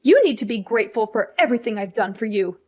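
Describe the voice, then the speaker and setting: A woman's voice: fairly high pitch, lively intonation, fast, a little mellow. A woman voicing a scolding guilt-tripping mother. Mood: indignant. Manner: scolding, condescending, self-pitying. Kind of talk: scripted story drama.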